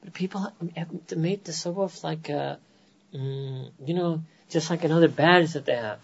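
A man with an American accent giving an animated religious lecture to a gathering, often asking "right?" and dropping in Urdu phrases. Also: a little high, measured pace, creaky, slightly rough, lo-fi sound. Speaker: Islamic teacher.

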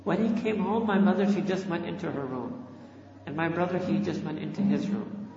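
Male preacher, fairly high voice, earnest storytelling sermon, roomy muffled lo-fi recording. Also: moderate pace, a little mellow, a little hiss or hum. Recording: echoey hall, muffled lo-fi sound.

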